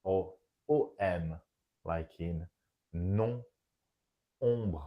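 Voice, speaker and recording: Slow, deep-voiced French-accented male teacher. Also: phone-quality sound. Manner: slow, careful demonstration of sounds. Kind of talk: scripted pronunciation lesson.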